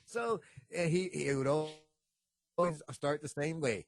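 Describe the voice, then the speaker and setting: Animated laughing podcast co-host man. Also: fairly high pitch, slow pace, dry recording. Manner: animated, laughs often, breaks into impressions. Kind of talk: casual storytelling chat.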